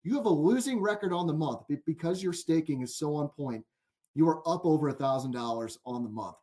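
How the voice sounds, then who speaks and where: A man with a slightly high, brisk voice and a dark tone hosts a sports betting podcast. He's chatty and amused, telling stories and padding pauses with "like" in casual betting talk.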